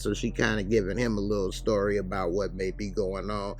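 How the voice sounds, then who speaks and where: A male TV reviewer with a fairly low voice and flat delivery recaps an episode casually. He goes through the scenes in a loose, conversational style, with fast acted quotes.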